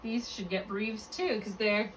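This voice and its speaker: A woman's voice: medium pitch, fairly even intonation, unhurried. A woman tutoring a student one-on-one in phonics. She explains step by step and often stops to correct herself. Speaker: reading tutor. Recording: distant mic with faint room noise.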